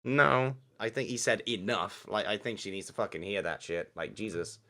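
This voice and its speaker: A man's voice: deep voice, fairly quick, a bit bright. A young man narrating a story game aloud and reacting casually, with frequent swearing. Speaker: game streamer. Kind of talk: let's-play narration and commentary.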